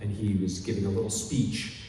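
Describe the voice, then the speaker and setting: A middle-aged man from Chicago, a panel guest telling animated anecdotes and acting out other people's lines. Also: on the low side, fairly quick, a little hiss or hum. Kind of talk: storytelling at a convention panel. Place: large convention hall. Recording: echoey hall, mic heard from far off.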